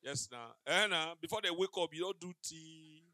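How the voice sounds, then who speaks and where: With a slightly high voice at a normal pace, a comedian onstage spins stories in pidgin in front of a live audience. He brings them to life by acting out the dialogue, and there's no room sound in the recording.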